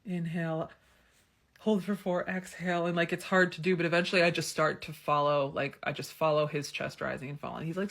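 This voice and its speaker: A woman's voice: fairly low pitch, fairly quick. A woman in her thirties tells a candid personal story in a chatty way, full of fillers. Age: 30s. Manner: chatty and frank, many fillers like "like" and "um". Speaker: storyteller vlogger.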